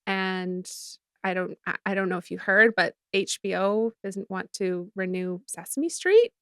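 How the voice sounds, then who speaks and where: A woman's voice: medium pitch, measured pace, clean tone, dry recording, studio quality. A woman in her thirties from Canada, a film producer and director chatting as a guest and filling her talk with "like" and "um". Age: 30s. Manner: chatty, many fillers like "like" and "um". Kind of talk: casual interview chat.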